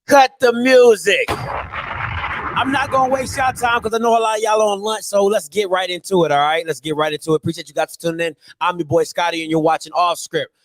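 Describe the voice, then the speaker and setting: A man hosting a live sports talk show, ranting in an animated, slangy, mocking way. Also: high-pitched, a little fast. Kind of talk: live solo sports rant.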